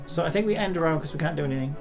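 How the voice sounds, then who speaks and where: A man's voice: fairly high pitch, very fast, music in the background. A man commentating live gameplay, frustrated and swearing often, ranting at the game. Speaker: gaming streamer.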